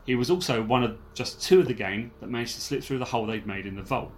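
A man's voice: medium pitch, fast talker. A man in a mid-range voice, co-hosting a true-crime podcast in casual chat. He mixes the facts he reads out with wry, jokey asides, and faint background noise sits behind him. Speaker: podcast co-host.

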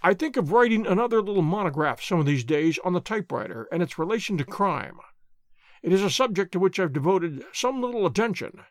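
A man reading an audiobook, voicing a calm, confident male detective who speaks in a measured, suave, lecturing way. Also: sits high, no echo, studio quality.

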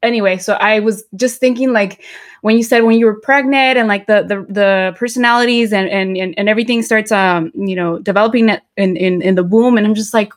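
A woman in her thirties hosting a podcast, excited and rambling, mixing in Spanish words. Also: mid-range voice, fairly quick. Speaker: podcast host. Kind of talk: casual podcast chat.

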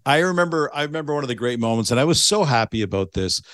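A man's voice: mid-range voice, animated, very fast, a bit bright, no room sound. A man hosting a podcast, asking enthusiastic, appreciative questions. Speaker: podcast host. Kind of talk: casual interview chat.

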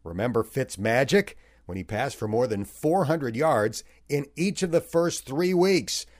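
Give me a man narrating a football game recap with a lively, wry delivery. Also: medium pitch, unhurried. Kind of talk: scripted sports recap narration.

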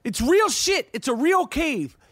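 High-voiced, profane New man. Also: unhurried, no echo. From New York. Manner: profane, excitable, stammering restarts. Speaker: podcast host. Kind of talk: casual storytelling.

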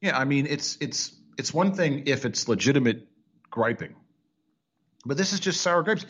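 A man's voice: mid-range voice, expressive, normal speed, fairly bright tone, breathy edge, lo-fi sound. A man hosting a sports talk radio show in a studio, ranting sarcastically in casual banter.

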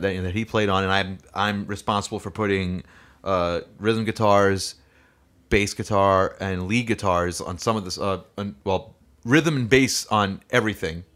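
A man with a lowish, slightly bright voice co-hosts a podcast and also works as a musician. He chats casually and rambles, with lots of fillers and restarts.

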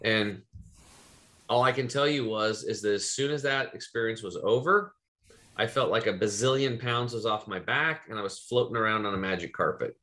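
A man's voice: on the low side, moderate pace, pushed and bright. A man from Eastern Oregon hosting a podcast, telling a personal story in loose, rambling casual chat with some swearing. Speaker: podcast host.

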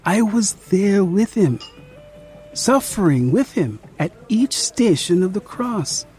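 A narrator voicing a devout young woman who speaks in a soft, near-whispered, tearful voice. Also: medium pitch, sing-song, takes it slowly, soft background music, voice pushed up. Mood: hushed.

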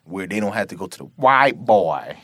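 A man's voice: lowish voice, lively intonation, moderate pace, sharp tone, dry recording, clean studio sound. A man hosting a casual group podcast, talking in a laid-back way. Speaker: podcast host.

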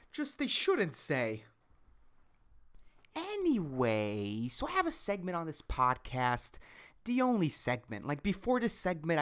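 A man hosting a solo comedy podcast, rambling and self-mocking, crude, with a high squeaky voice. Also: fairly bright tone, smooth. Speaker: podcast host.

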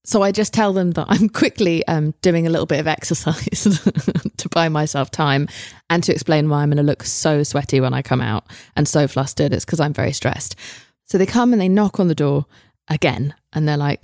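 A woman's voice: low-pitched, moderate pace, a little mellow, dry recording, clean studio sound. A woman in her thirties with an English accent, telling a story solo on her podcast in a candid, self-mocking way, swearing freely. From England. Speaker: podcast host.

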